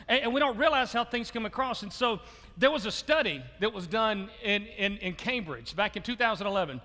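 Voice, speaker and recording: Delivering his sermon in a large hall that serves as the church sanctuary, this pastor keeps things casual, chuckling often and repeating words whenever he restarts. His voice is extremely high, brisk and sharp.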